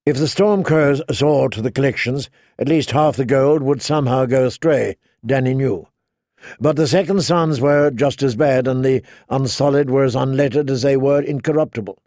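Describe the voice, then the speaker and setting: A man reads a fantasy novel aloud in a measured, even storytelling manner. His voice carries a gravelly rasp at middle pitch. The recording is dry and close. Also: no echo. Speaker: audiobook narrator. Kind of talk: scripted narration.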